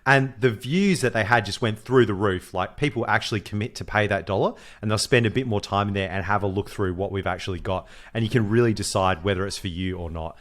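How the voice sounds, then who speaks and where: An Australian man co-hosting a podcast, talking in an animated, jokey way with his mate. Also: fairly low pitch, quick pace, hardly any pauses. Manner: animated, laughing banter. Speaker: podcast co-host. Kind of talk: casual podcast chat.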